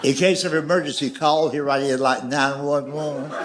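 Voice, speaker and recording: A man's voice: on the high side, steady tone, moderate pace. A man with a Southern US accent doing stand-up storytelling, folksy and drawn out, with dry asides. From Southern United States. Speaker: stand-up comedian. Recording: live show with audience noise. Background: audience laughter.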